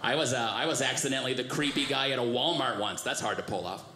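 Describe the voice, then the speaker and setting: A man doing a stand-up comedy set, telling self-mocking stories in a deadpan way. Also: mid-range voice, fast. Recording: echoey stage with live audience crowd.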